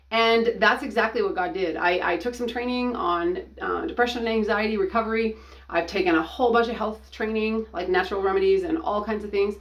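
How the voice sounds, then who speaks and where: A middle-aged woman giving a personal testimony, talking earnestly and haltingly, often restarting her sentences. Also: mid-range voice. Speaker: ministry founder and coach.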